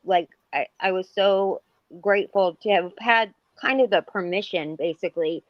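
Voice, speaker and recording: A woman's voice: mid-range voice, moderate pace, no echo. Rambling woman on dull lo-fi audio. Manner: rambling, many fillers and restarts. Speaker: podcast co-host. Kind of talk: casual chat.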